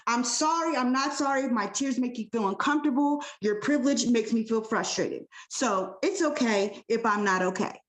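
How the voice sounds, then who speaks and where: A woman's voice: a little high, moderate pace, hardly any pauses, roomy sound. A woman performing spoken word poetry at an open mic, impassioned and rhythmic, leaning hard on alliteration.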